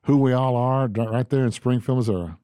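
Mellow-voiced enthusiastic male podcast host. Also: medium pitch, quick pace, smooth, no room sound, clean studio sound. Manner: enthusiastic, folksy, joking. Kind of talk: conversational interview hosting.

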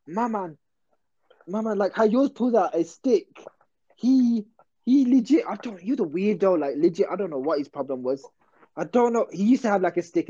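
A man's voice: high-pitched, dark tone, dull audio. Slangy young man rambling. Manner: rambling, slangy, self-interrupting. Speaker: podcast host. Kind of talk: casual storytelling chat.

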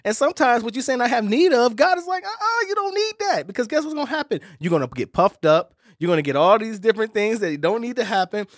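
A woman's voice: on the high side, no echo, studio quality. A woman co-hosting a faith discussion in a folksy way, quoting scripture and saying "y'all". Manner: warm, folksy, quotes scripture, says "y'all".

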